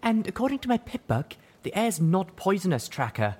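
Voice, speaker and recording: A man's voice: sits high, big pitch swings, normal speed, darkish tone, husky, pitched above the performer's own voice, heavily acted. A man doing a wheezing wounded mare. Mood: weak. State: weak and wheezing. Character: wounded white pegasus mare, weak but defiant.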